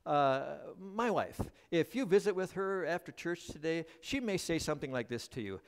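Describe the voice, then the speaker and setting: A middle-aged male pastor preaching a sermon at a church service, joking with the congregation as an animated storyteller. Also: fairly high pitch, normal speed. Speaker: guest pastor.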